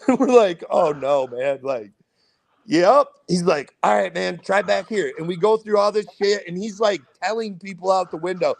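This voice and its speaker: Young man, podcast guest. Gravelly, fairly high voice, loose profane storytelling. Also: a little slow. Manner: profane, rambling anecdote telling. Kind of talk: casual storytelling.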